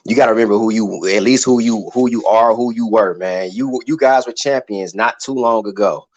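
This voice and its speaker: A man's voice: on the low side, moderate pace, a little mellow. Man earnestly lecturing on a sports call. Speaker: panel guest. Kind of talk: casual sports talk. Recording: dull lo-fi call audio with faint noise.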